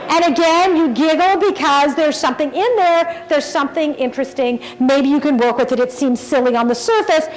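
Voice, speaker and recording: A woman's voice: high voice, low-quality recording. A middle-aged woman giving a conference keynote talk, engaging and often asking the audience questions. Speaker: keynote speaker. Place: large conference hall.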